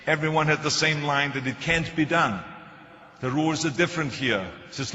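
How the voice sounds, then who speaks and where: An older man with a German accent speaks to a crowd in a large hall. His voice is fairly high, bright and forceful, and he keeps a joking, anecdotal tone. The sound is dull and rings with long hall reverb. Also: moderate pace. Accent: German-accented English. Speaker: motivational speaker. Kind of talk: public speech.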